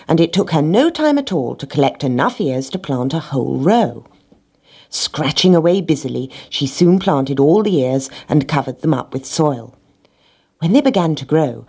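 A woman narrating a children's storybook in a gentle, expressive reading. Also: low-pitched, creaky, slightly rough.

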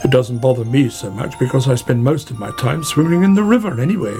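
A man's voice: mid-range voice, a little fast, gravelly, dark tone, faint music behind, close to an everyday voice. Man as a chatty, fretting otter. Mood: worried. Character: chatty, worried male otter.

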